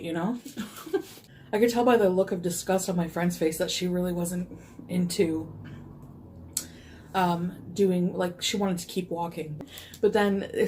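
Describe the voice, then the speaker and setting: A woman's voice: fairly low pitch, dark tone, a little hiss or hum. A woman telling a casual storytime in a rambling way, full of fillers. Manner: rambling, frequent fillers, laughs easily.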